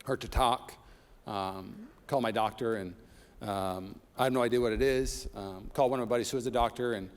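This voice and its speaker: Pastor preaching in an echoing hall. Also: male voice, lowish voice, fairly quick. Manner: preaches with rising intensity, tells personal stories with humor. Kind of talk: sermon. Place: church sanctuary. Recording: long reverb of a large hall.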